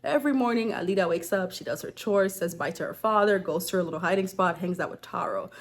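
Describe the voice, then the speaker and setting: A woman's voice: lowish voice, quick pace. A woman retelling a folktale in a casual storytelling vlog, chatty and slangy, breaking off for joking asides.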